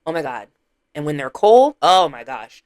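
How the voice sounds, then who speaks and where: A woman reaction streamer giving casual commentary, teasing and laughing with loud exclamations. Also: low-pitched, sing-song, normal speed.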